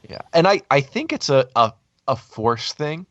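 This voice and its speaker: A man guesting on a casual podcast chat, hesitant and halting as he finds his words. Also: medium pitch, big pitch swings, no room sound, lo-fi sound.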